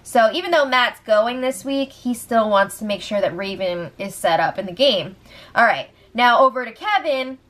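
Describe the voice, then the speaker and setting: A woman's voice: fairly high pitch, fairly bright tone. A woman hosting a casual reality show recap, blunt and often swearing.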